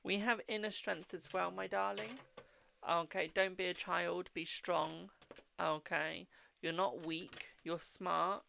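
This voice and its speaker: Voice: mid-range voice, flat delivery, slow, vocal fry, pushed and bright, slight background noise. A tired, yawning tarot reader with a British accent, hosting a live-stream reading in a blunt but reassuring way, often saying "okay, my darling".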